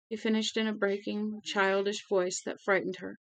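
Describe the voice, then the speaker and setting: A woman's voice: medium pitch, level tone, moderate pace, few pauses, dry recording, rough recording. A woman reading a novel aloud on a stream, voicing the dialogue with feeling and correcting her small slips as she goes. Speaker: audiobook reader.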